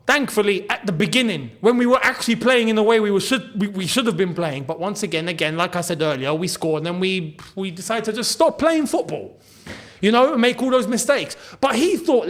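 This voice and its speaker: A young man hosting a football channel, ranting in an animated way and hammering points home by repeating them. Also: very high voice.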